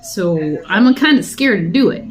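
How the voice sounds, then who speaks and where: A woman's voice: medium pitch, expressive, measured pace. Chatty woman vlogging while eating. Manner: rambling, chatty, laughs often. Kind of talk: casual talking while eating.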